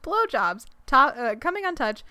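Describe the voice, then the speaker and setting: Her voice sits high, pushed and bright, and she's very animated at a moderate pace in a recording with no room sound. This young adult podcast co-host giggles through casual chat, reading a fic summary aloud and retelling the story with rambling fillers and restarts.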